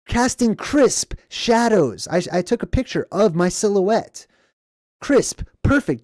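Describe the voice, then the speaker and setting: A man with a fairly high voice and a dark, mellow tone hosts a casual livestream from a lamp-lit room. He rambles and stresses his points, often repeating himself. The sound is close and dry. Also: no room sound. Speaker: livestream host reading chat.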